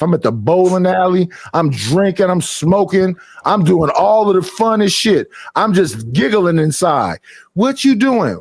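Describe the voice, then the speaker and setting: A man's voice: high-pitched, dry recording, studio quality. A man on a casual podcast, telling stories animatedly and acting out other people with a raised voice, swearing freely. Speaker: podcast host. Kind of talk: casual chat.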